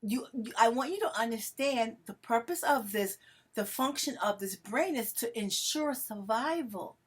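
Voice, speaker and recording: She speaks unhurriedly, her fairly high, expressive voice carrying a breathy edge. It's a casual direct-to-camera vlog, emotional in tone, where she admits to being melodramatic and addresses viewers as family.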